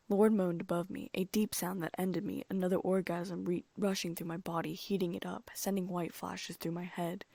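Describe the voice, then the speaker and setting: A woman narrating a first-person audiobook, her voice breathy at times and often dropping to a whisper. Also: lowish voice, little pitch movement, moderate pace, dark tone, no echo.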